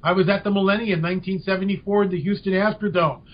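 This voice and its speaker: An older man, a podcast guest, telling a story with lively emphasis. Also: high voice, quick pace. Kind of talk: storytelling in an interview. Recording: dull lo-fi audio.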